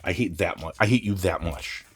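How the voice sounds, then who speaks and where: A man's voice: deep voice, normal speed, a little hiss or hum. A man vlogging while unboxing comics, grumbling and swearing in a casual, exasperated rant. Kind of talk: casual ranting unboxing vlog.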